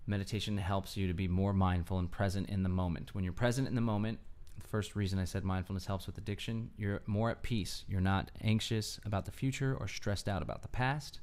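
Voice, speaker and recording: Earnest male speaker for a self-help talk; lowish voice, clean and smooth. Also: steady tone, brisk, few pauses, darkish tone. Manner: earnest, explanatory, often adds "right?". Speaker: mindfulness speaker. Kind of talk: solo talk to camera.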